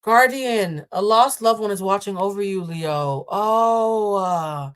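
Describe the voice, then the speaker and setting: A woman reads tarot cards on a live stream, sassy and chatty. She teases her viewers and keeps the talk loose and playful. Her voice sits at a mid pitch for a woman. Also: takes it slowly, clean tone. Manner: sassy, playful and chatty, calls listeners "child". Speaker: tarot card reader hosting a live stream. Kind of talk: casual live-stream tarot reading, answering chat.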